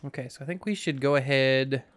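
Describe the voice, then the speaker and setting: In a dry recording, a man with a mid-range voice talks briskly through his game on a casual let's-play for his gaming channel. He's goofy and rambling, joking to himself while sleepy and yawning.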